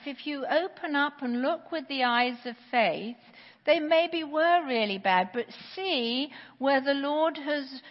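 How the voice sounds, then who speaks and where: A woman in her sixties giving a sermon with personal testimony, conversational and halting with restarts, in a church. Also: sits high. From England. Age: 60s. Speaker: preacher. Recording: dull recording with long church reverb.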